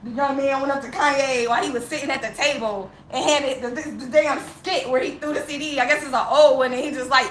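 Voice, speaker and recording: Woman vlogger, high bright voice, raw profane rant, bitter laughs, roomy echo. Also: steady tone, fast talker, hardly any pauses, slight background noise. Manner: heavily profane, impassioned, laughs bitterly between lines. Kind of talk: unscripted emotional rant to camera. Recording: roomy echo with faint ambience.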